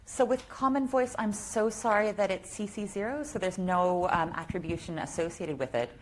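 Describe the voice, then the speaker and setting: A woman speaking at a tech conference, answering audience questions in an eager, quick and chatty way. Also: mid-range voice, slight background noise.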